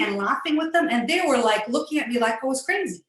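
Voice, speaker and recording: A woman's voice: a little high, racing, few pauses, a bit bright. A middle-aged woman telling a personal story in an earnest, upbeat way, laughing often. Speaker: facilitator. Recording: echoey room.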